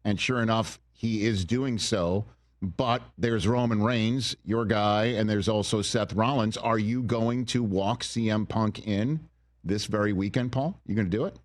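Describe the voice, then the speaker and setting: A man's voice: lowish voice, a little slow. A man hosting a sports talk show and asking an interview guest playful, prodding questions.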